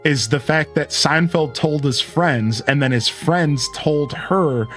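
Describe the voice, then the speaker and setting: A man's voice: a little high, takes it slowly, a bit bright, soft background music. A young man streaming a game, chatting casually and retelling a story with lots of fillers. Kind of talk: casual chat while playing.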